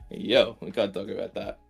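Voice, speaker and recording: Co-commentating a card game stream, this tired man sounds worn out after a long day, his fairly low voice slightly rough with vocal fry. He's giggly and silly in the casual banter, cracking goofy jokes and constantly laughing at them himself.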